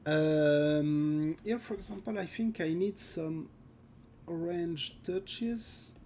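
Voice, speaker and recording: A French-accented man talks through a live drawing stream in loose, casual English, stopping often to hunt for words and laughing along the way. His delivery is slow and unhurried, with a warm, mellow tone. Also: on the high side, a little hiss or hum. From France. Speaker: concept artist streaming live.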